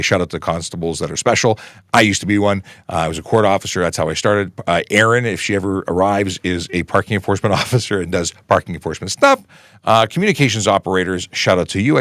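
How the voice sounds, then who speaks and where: A Canadian man in his forties hosts a casual livestream, chatting in an upbeat, rambling way. His voice sits slightly low. The sound is dry and close, with little room echo. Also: fairly bright tone. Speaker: livestream host, police constable.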